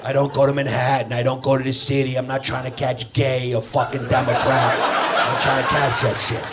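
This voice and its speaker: A man's voice: medium pitch, little pitch movement, a little fast, over loud music, close to an everyday voice. A man playing a brash firefighter dad. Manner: brash, crude, small-minded. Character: blunt Irish Catholic firefighter dad from Queens. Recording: live club with crowd laughter.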